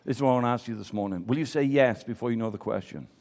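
A man's voice: medium pitch, very fast, creaky, darkish tone. Man preaching in a reverberant hall. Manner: storytelling, acts out quoted voices. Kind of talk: sermon.

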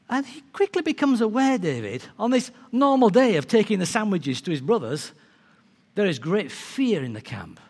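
A preacher with a high, lively voice tells the story with animation. His words ring through a big hall with a long reverb. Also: normal speed. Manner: animated storytelling, acting out characters. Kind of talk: sermon.

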